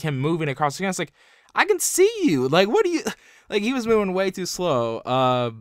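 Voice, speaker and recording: Rambling young man with a smooth voice. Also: medium pitch, dry recording, studio quality. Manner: rambling, fillers like "like" everywhere. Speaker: video reviewer. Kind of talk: casual opinion review.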